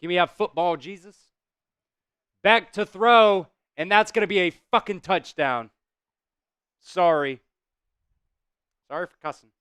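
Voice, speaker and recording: A man hosting a live stream, calling plays casually, reacting loudly, swearing and talking to his chat. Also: high-pitched, measured pace, pauses often, clean tone, no room sound. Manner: excitable, swears, talks to chat. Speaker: host doing live play-by-play.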